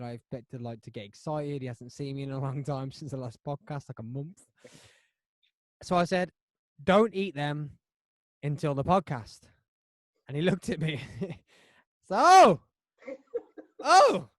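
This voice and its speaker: A man hosting a podcast, telling a story in a rambling, animated way with lots of restarts. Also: fairly high pitch, dry recording, studio quality. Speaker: podcast host. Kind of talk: casual chat.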